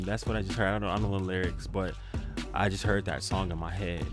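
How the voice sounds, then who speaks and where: A man's voice: low-pitched, steady tone, a little fast, music in the background. A man giving a spiritual tarot reading in a casual, slangy, encouraging way, repeating himself for emphasis. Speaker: tarot reader.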